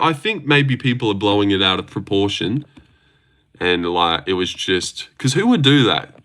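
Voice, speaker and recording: A man with an Australian accent talks through a livestream in loose, rambling chat, answering viewers as he goes. His voice is bright and forward. He is blunt and swears freely. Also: lowish voice. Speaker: MMA predictions livestreamer. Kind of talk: casual livestream chat reading viewer comments.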